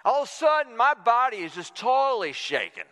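Animated high-voiced preacher in a hall. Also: male voice, brisk. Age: 40s. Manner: animated storytelling, acting out quotes with big pitch swings. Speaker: pastor. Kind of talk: sermon. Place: church sanctuary.

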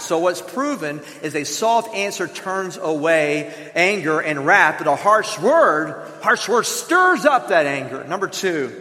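Male pastor, high bright voice, earnest sermon delivery, large reverberant hall. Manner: earnest, conversational preaching with acted examples.

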